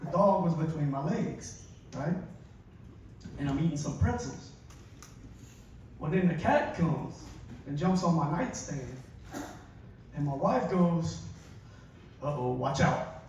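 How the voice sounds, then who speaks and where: A man's voice: fairly high pitch, animated, measured pace, pauses often, darkish tone, highs cut off, slight background noise. A man, doing a self-mocking stand-up comedy set and chuckling at his own stories. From Louisiana. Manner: laid-back, self-mocking storytelling with chuckles. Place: large theater stage. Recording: echoey hall recording from far off. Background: audience laughter.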